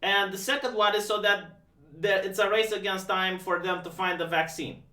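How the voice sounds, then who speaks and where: A high, bright male voice that mocks with dry sarcasm and trips over his own words as he restarts. He sits back from the mic in a room that echoes noticeably. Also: fairly even intonation, moderate pace, recorded from a distance. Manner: sarcastic, mocking, stammering restarts. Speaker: live-stream host. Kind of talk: casual live-stream commentary.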